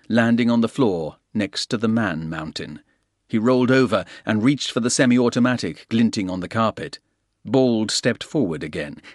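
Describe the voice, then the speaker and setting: A man reads an action thriller aloud in a steady, brisk manner. His voice sits low, and the recording is dry and close with no room sound. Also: no room sound. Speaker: audiobook narrator. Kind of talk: scripted narration.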